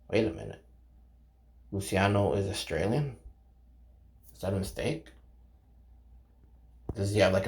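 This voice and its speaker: Reading a game novel aloud for his channel, a man with a lowish, gravelly, slightly mellow voice keeps things casual and rough around the edges. He halts, trips on names, starts sentences over, and turns to chat with his viewers between passages as he comments along.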